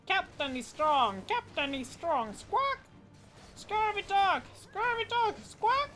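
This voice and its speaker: A woman's voice: extremely high pitch, sing-song, a little slow, fairly bright tone, voice pushed up, full character voice. A woman voicing a pirate parrot that squawks and repeats short phrases. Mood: squawking.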